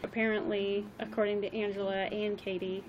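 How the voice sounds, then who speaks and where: A woman's voice: medium pitch, flat delivery, moderate pace, lo-fi sound, background noise. A young woman chatting casually on a livestream, rambling with lots of ums and likes, her voice a little worn. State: slightly losing her voice.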